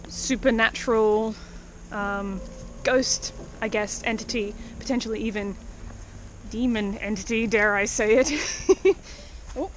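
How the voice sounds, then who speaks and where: Slightly high-pitched and breathless from walking, a female cryptid hunter vlogs her way through an overgrown cemetery as rain falls. Her casual commentary is chatty and exclamatory, aimed right at her viewers. The recording is rough, with a little background noise.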